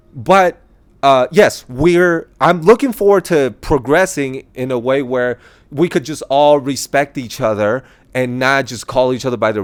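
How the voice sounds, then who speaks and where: Chatty man with lively quoted voices. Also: mid-range voice. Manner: animated, laughing, quick quoted voices. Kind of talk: casual opinion monologue.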